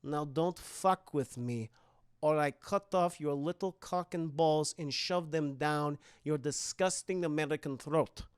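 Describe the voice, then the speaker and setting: A man's voice: on the high side, measured pace, smooth, dry recording, studio quality, voice pushed down, lightly acted. A man voicing a creepy girl with a put-on Eastern European accent, speaking clipped broken English with cold menace. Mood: menacing.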